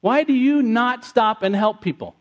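Animated man giving a sermon. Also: extremely high pitch, moderate pace, lo-fi sound. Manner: animated, conversational, repeats the audience's answers. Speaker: pastor. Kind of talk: interactive sermon.

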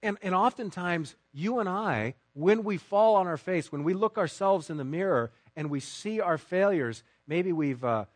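Guy preaching a sermon, highish voice, punches some words and drops to quiet asides, dry close sound. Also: animated, normal speed, few pauses, no echo. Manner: emphatic preaching, swinging between loud stresses and quiet asides. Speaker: pastor.

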